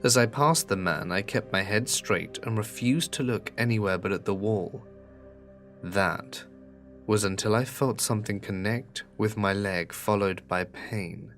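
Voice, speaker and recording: A man with a fairly low voice narrates a horror story in a measured, earnest way. Soft background music plays faintly under his reading. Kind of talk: scripted narration.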